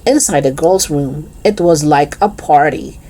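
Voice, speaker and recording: A woman reading a children's chapter book aloud in an expressive, lively storytelling manner. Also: low voice, measured pace, slightly rough.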